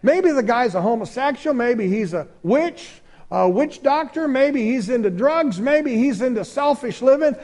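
A male pastor preaching a sermon, emphatic and swinging between loud exclamations and quiet asides. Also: very high voice.

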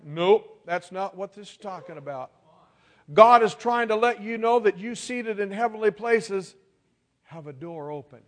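A man's voice: high-pitched, moderate pace. A male pastor preaching a sermon, emphatic and calling on the congregation to respond.

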